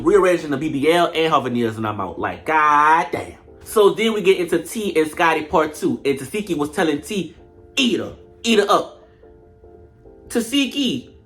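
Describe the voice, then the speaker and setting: A woman giving blunt, slangy commentary on a reality show, swinging between loud outbursts and low mutters. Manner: animated, blunt, slangy trash talk. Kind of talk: casual reaction commentary.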